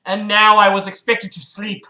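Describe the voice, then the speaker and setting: A woman's voice: medium pitch, completely flat delivery, moderate pace, bright, forceful tone, echoey room. A woman hosting a livestream, reading a book aloud and breaking off into sarcastic, exasperated commentary full of swearing. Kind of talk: dramatic reading with mocking commentary. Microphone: streaming mic.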